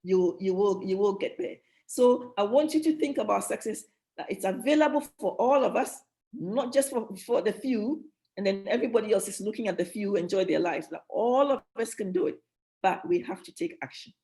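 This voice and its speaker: A woman's voice: mid-range voice, normal speed, mellow. A woman giving a motivational leadership teaching at a church, emphatic, repeating key phrases and restarting her sentences.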